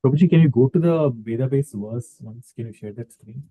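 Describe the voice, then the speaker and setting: A man's voice: medium pitch, fairly quick, dry recording, narrow, tinny audio. A man, politely asking the teacher questions during an online class.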